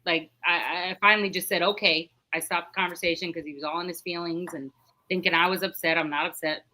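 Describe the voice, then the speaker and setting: Chatty woman on a podcast, bright voice, lowish pitch, rambles through a story. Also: steady tone, fast. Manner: recounts dialogue in a chatty, rambling way with many restarts. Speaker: podcast guest. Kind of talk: casual storytelling.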